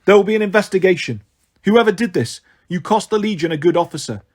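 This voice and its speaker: A man's voice: sits high, lively intonation, fast, darkish tone. A man voicing a stern young female commander who barks orders to her troops in an audiobook reading. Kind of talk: audiobook character voice.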